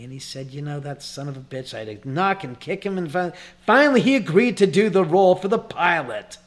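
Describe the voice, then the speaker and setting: Guy spinning a story, swears a lot, a bit higher-pitched, keeps tripping over and restarting his words. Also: brisk, few pauses. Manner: animated, profane, repeats and restarts often. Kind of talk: casual anecdote telling.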